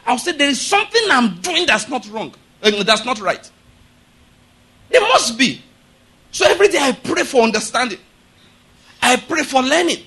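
A middle-aged pastor preaching with a high, bright voice. He talks in an emphatic way, often stopping to ask the congregation if they follow him. He repeats his points firmly. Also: big pitch swings, normal speed, long pauses, breathy edge. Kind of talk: sermon.

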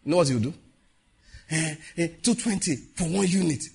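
A Nigerian man preaching a sermon, mixing Pidgin asides with animated warnings and slow, solemn prayer lines. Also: on the high side, gravelly, husky. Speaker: pastor.

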